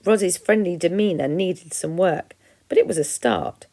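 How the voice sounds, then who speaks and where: A female teacher from England reads a children's novel aloud with expression. Her voice sits on the lower side with a light gravelly texture. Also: animated, unhurried, mellow. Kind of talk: storybook read-aloud.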